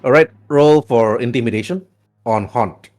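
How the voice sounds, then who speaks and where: A man in the game master's seat, calling rolls and narrating the scene in a brisk, plain voice. His pitch sits in the middle, and faint music plays behind him. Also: darkish tone. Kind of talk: running a tabletop game.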